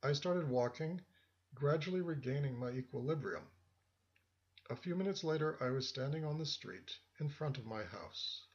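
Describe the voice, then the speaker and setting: A man reading a first-person story as narrator, in a measured, reflective way. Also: fairly high pitch, lively intonation. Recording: dull lo-fi audio.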